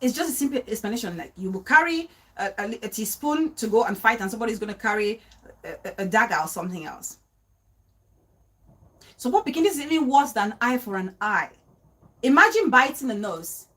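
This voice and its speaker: A woman's voice: a little high, brisk. A woman hosting a casual livestream, talking straight to her viewers, repeating her points and breaking off to greet people in the chat. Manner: animated, repeats phrases, greets chat viewers mid-sentence, laughs easily. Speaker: livestream host. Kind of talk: casual live-stream talk to viewers.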